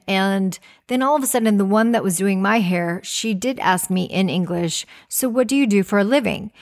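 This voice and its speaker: A woman hosts her own podcast in a relaxed, chatty monologue. Her voice sits at an ordinary middle pitch. She keeps encouraging the listener and often restarts her sentences mid-thought. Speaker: podcast host. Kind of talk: casual monologue.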